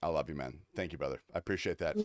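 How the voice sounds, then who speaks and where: A man's voice: very deep voice, rapid-fire, background noise. A man streaming a game, joking with chat in a loose, profane, laughing ramble. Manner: joking, rambling, swears often, laughs a lot. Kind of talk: casual livestream chat.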